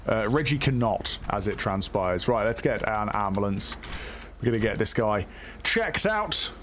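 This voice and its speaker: A man's voice: on the low side, lively intonation, a little slow, a bit bright, slight background noise. A man streaming a police game live, talking himself through it in a hesitant, chatty way full of fillers. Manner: hesitant, chatty, lots of fillers and self-talk. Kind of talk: live gameplay commentary.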